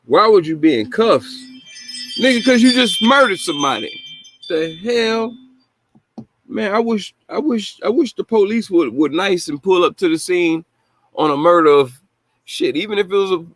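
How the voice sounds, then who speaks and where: A man's voice: high-pitched, lively intonation, moderate pace, a bit bright, no room sound. A man hosting a show, giving indignant, profanity-heavy commentary on news clips. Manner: indignant, heated, swears freely. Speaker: host reacting to news clips.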